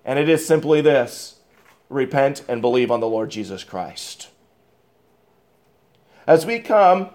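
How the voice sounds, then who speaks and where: A male pastor preaching a sermon, deliberate and emphatic, repeating key phrases. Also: sits high, darkish tone.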